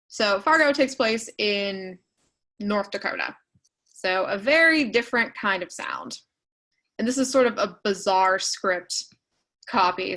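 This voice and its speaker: A woman's voice: mid-range voice, pushed and bright, poor audio. Lady running an online writing class, chatty and loose, lots of ums and side comments, sounds like a video call. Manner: casual, filler-heavy explaining with quick asides. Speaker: writing workshop teacher.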